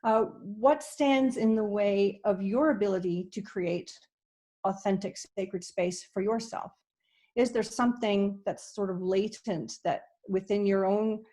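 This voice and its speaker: A woman from Canada giving an online conference presentation, earnest and hesitant, often pausing with ums and restarting her sentences. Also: medium pitch, darkish tone. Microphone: video call.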